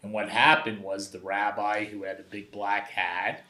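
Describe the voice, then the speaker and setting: A man, a guest telling personal stories in an animated, conversational way. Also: lowish voice, unhurried. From Brooklyn, New York. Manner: animated anecdotal storyteller, acts out quoted voices. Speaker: guest, documentary photographer. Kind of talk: conversational storytelling. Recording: roomy echo.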